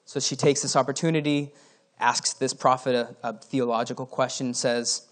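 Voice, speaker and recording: A man's voice: medium pitch, fairly even intonation, moderate pace. Casual man preaching a sermon. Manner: conversational, reads scripture aloud with asides and chuckles.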